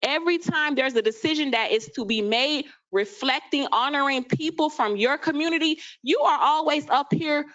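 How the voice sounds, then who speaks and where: A woman's voice: high-pitched, pushed and bright. A woman giving an angry public comment at a council meeting, accusing and confrontational. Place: city council chamber. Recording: dull lo-fi meeting audio.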